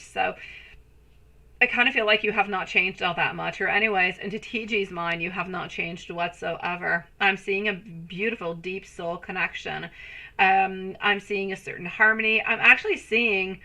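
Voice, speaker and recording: A woman's voice: medium pitch, pushed and bright, low-quality recording. A woman in her thirties giving a live tarot reading, chatty and rambling, greeting viewers by name and calling them sweetie and my love. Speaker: tarot reader.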